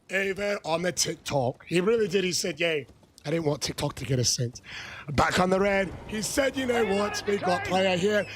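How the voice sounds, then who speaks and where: Rowdy high-voiced gravelly streamer man. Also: slight background noise. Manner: rowdy, shouting hype with countdown toasts. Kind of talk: livestream chat, reading and toasting super chats.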